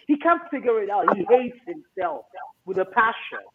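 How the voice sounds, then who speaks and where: Man, high lively voice, emphatic advice talk, keeps asking okay, tinny phone line. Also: moderate pace, vocal fry, over a noisy crowd. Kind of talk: animated advice monologue.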